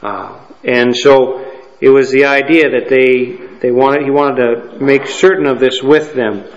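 A man giving a sermon as a pastor, reading scripture and then teaching in a measured way, with many pauses and fillers. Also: medium pitch, fairly even intonation. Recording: dull sound with long hall reverb.

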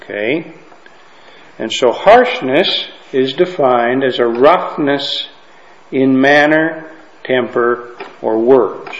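In a medium-pitched voice and at an unhurried pace, a man teaches a Bible class conversationally, often checking in with "okay?" and "right?" The recording is roomy, dull and lo-fi.

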